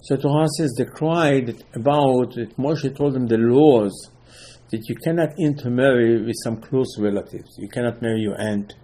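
Husky guy giving a lively torah class, keeps asking what happened now. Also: medium pitch, measured pace. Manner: repeats rhetorical questions, emphatic; peppers English with Hebrew terms. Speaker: Torah teacher.

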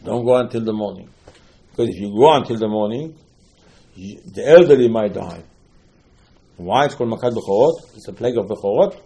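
Guy teaching torah, mellow voice, tells talmud stories, repeats himself a lot. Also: on the low side, fairly quick, creaky, pauses often. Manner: animated storyteller, repeats phrases, mixes Hebrew terms. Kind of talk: storytelling Torah class.

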